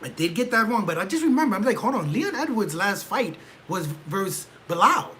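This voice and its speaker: Livestream host, male, high bright voice, excitable and rhetorical, faint hiss on the recording. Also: a little fast, poor audio. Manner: animated, rhetorical, keeps asking "right?"; gets loud and excitable. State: leg cramp. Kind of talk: casual livestream commentary.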